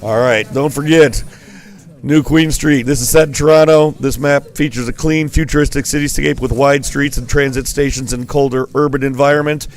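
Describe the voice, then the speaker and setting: A man's voice: mid-range voice, steady tone, normal speed. A man giving rambling, playful live commentary on a school esports match. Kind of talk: joking live game commentary.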